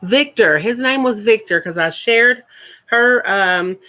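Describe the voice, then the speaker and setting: A woman's voice: fairly low pitch, lively intonation, moderate pace, vocal fry, highs cut off. A woman, chatting casually on her first live stream and repeating words for emphasis.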